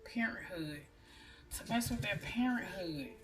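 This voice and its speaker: A woman's voice: medium pitch, lively intonation, unhurried, recorded from a distance, slight background noise. A woman giving a casual, blunt tarot reading, chatting to her viewers. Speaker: tarot reader. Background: music.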